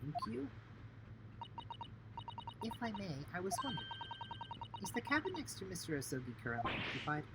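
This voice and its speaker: A man voicing a courteous young woman assistant who speaks softly and formally. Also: sits high, wildly swooping pitch, a little fast, pauses often, heavy background noise, pitched above the performer's own voice. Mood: polite.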